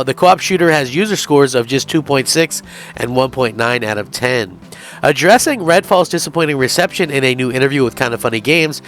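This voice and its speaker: A man's voice: a little high, a bit bright. A man hosting a gaming channel, giving earnest, emphatic news commentary straight to his viewers.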